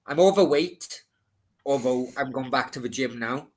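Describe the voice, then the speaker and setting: A man in his forties in casual football chat, swearing and reading out scores in quick bursts. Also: mid-range voice. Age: 40s.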